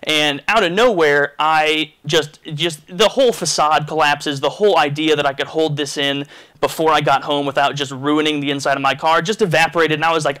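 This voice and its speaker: A man telling a story for his vlog at a rapid clip, with a fairly high, bright and forceful voice. He rambles through it with crude humor and animated energy. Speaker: vlogger.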